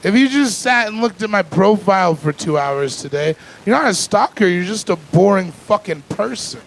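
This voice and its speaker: High-voiced man doing stand-up. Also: moderate pace, a little hiss or hum, poor audio. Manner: deadpan storytelling that builds to loud, high-pitched rants. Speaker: stand-up comedian. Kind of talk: stand-up comedy set. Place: comedy club stage with a live audience.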